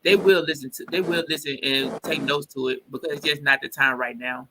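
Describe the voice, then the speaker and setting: A man's voice: mid-range voice, steady tone, brisk, noisy background. A man joining a live chat, supportive and laid-back, laughing easily. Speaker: chat participant. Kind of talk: casual chat.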